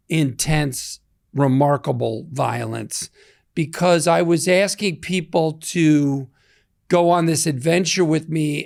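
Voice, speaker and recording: A man's voice: on the high side, vocal fry, no room sound, clean studio sound. A man in his sixties, an interview guest, talking in a reflective, rambling, self-deprecating way. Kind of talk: casual interview talk.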